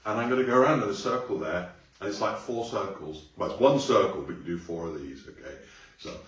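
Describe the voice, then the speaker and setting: A man teaching a song to a class, explaining casually and bursting into loud sung phrases. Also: lowish voice, animated, fairly quick, dull audio. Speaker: music teacher. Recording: echoey room, mic at a distance.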